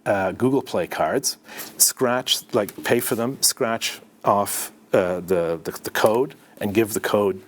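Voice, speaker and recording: A middle-aged man from Canada, a podcast guest, telling a story in an animated way and acting out the dialogue. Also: on the low side, slow, slight background noise. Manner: animated, acts out dialogue in his anecdotes. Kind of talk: conversational storytelling.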